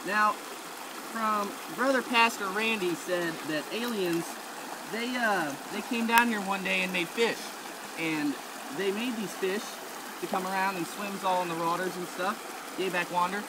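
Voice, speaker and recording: A man's voice: high-pitched, a little slow. A young man playing a nature guide by a creek, drawling and rambling with lots of fillers. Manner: drawling, rambling with "you know" and "uh". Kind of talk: goofy nature-show parody. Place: outdoors by a creek. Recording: outdoor camera audio with loud stream noise.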